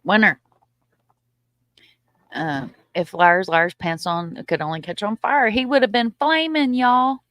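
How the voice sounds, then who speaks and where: With fairly even intonation and hardly any pauses, a medium-pitched, fairly bright voice moves at a measured pace through a casual livestream, reading viewer comments and answering them bluntly, often agreeing with short repeated words. There's no room sound.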